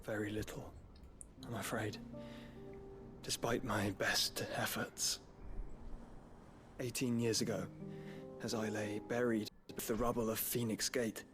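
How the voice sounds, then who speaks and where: A man's voice: on the low side, flat delivery, unhurried, long pauses, lightly acted. An actor playing an earnest young nobleman who speaks in formal, old-fashioned phrasing in video game dialogue. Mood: grave. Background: game music.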